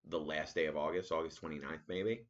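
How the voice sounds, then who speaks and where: A man hosting a casual solo podcast, telling a story as an animated rant. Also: very deep voice, fairly quick, lo-fi sound. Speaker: podcast host.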